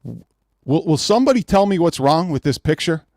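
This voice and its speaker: A man's voice: on the high side, sing-song, moderate pace, a little mellow, no echo, clean studio sound. A man hosting a live-streamed gaming podcast, ranting in an exasperated way, repeating himself and reading out names from the chat. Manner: exasperated, repetitive, reads chat names aloud. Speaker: podcast host.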